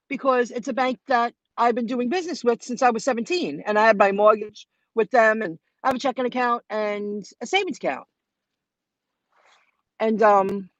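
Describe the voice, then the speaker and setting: A woman's voice: fairly high pitch, no echo. Woman vlogger, casual and rambling, live from her car, dry and dull lo-fi phone audio. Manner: chatty, rambling, talks straight to viewers. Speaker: vlogger hosting a live stream. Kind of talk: casual live-stream storytelling. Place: in her car while driving.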